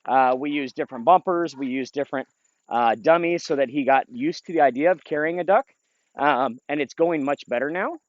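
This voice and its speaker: A man's voice: fairly high pitch, fairly quick, no echo, dull audio. A middle-aged man training a retriever outdoors in a field, explaining the drill and calling short upbeat commands to the dog. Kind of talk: outdoor training video with commentary.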